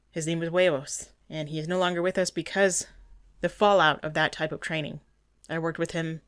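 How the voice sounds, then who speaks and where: Woman, low pitch, dry close sound, indignant video commentary, dog trainer. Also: no echo. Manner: earnest, indignant, frequent restarts.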